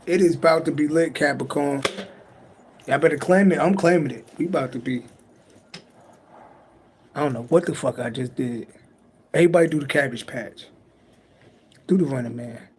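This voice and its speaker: A man's voice: fairly high pitch, moderate pace, pauses often, slight background noise. A man giving a late-night tarot reading on a livestream, talking in a loose, profane, rambling and joking way. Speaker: tarot reader on a live stream. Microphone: livestream mic.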